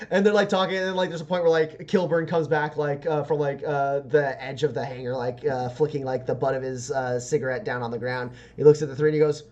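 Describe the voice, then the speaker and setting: Male game master, rambling filler-heavy narration, higher voice. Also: fairly even intonation, brisk, lo-fi sound. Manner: rambling, many fillers, laughs often.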